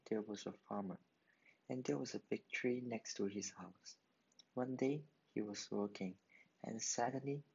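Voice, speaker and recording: A man reading a folk tale aloud in plain, halting phrases with small slips and restarts. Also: medium pitch, gravelly, a little mellow, breathy edge, highs cut off. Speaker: storyteller.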